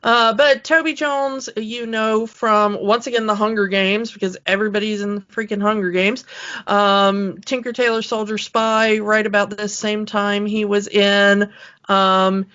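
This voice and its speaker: A woman co-hosting a podcast in casual chat, rambling with many fillers and quick laughs. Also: mid-range voice, fairly bright tone, clean tone, muffled recording. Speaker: podcast co-host.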